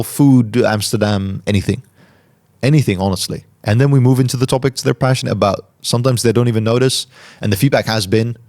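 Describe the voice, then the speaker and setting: A man hosting a podcast, answering listener questions in a calm, reflective way and articulating each word carefully. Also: lowish voice. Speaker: podcast host. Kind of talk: solo Q&A talk.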